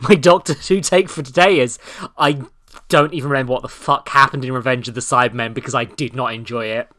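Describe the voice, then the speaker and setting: A woman's voice: very deep voice, fairly quick, a bit bright. A woman streaming live, reacting casually with swearing, laughter, and sarcastic remarks.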